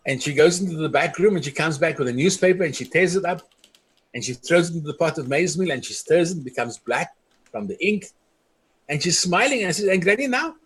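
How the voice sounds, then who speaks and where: A middle-aged man from South Africa speaks with a husky, slightly high voice. He tells his stories earnestly, quoting the people he met along the way. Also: a little fast, a bit bright. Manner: earnest storytelling, quoting others. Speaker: community leader. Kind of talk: impassioned speech.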